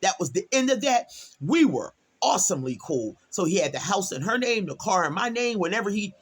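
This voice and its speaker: Her mid-range, husky voice moves a little fast as this middle-aged Delaware woman tells a personal story vlog-style. She's chatty and animated, performing people's quotes with emphatic exclamations.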